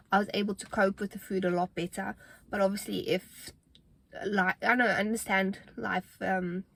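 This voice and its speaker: A woman's voice: mid-range voice, fairly bright tone. Slightly breathless young woman vlogging. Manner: earnest, motivational, chatty with fillers. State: a little out of breath. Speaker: fitness vlogger. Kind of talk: casual talking-to-camera vlog.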